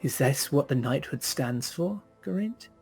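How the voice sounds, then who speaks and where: A man voicing a calm elf who asks cool, reproachful questions. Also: mid-range voice, unhurried, faint music behind.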